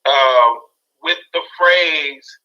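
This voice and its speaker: High, bright-voiced man in his forties. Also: very slow, lo-fi sound. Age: 40s. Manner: animated storyteller, acts out his own past reactions. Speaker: guest speaker. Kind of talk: casual talk show chat.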